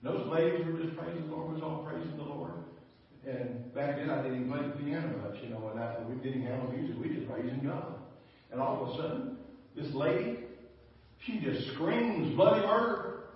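A man's voice: on the high side, a little fast. Man, preacher, folksy storytelling sermon, fervent, far from mic, dull muffled sound. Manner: folksy, chuckling, rising to fervent exhortation. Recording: echoey church hall from far off, dull.

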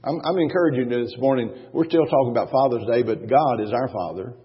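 Husky-voiced man preaching in a reverberant hall. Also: medium pitch, quick pace. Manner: emphatic preaching with repetition and rhetorical questions. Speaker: pastor. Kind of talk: sermon. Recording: dull, long church-hall reverb.

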